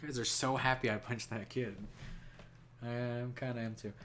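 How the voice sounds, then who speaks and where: A man's voice: mid-range voice, level tone, normal speed, a bit bright, slight background noise. Swearing incredulous man playing a game. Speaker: game player. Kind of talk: casual let's-play commentary.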